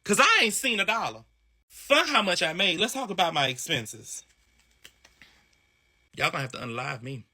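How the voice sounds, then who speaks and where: A man's voice: high voice, sing-song, moderate pace, pauses often, sharp tone. A man in a ranting social media clip, exasperated and profane, stammering and repeating himself.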